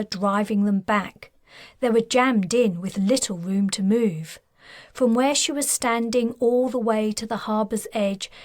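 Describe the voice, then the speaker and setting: A woman, the author, narrating her own science fiction novel in a steady, measured storytelling voice. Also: fairly high pitch, no echo, clean studio sound. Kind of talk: scripted audiobook narration.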